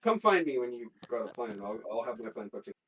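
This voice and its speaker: A man's voice: medium pitch, big pitch swings, quick pace, a bit bright, a little hiss or hum, poor audio. A man playing shifty patron Robert. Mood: evasive. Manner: evasive, hesitant with fillers. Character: scheming male patron Robert, evasive. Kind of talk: tabletop role-play in character.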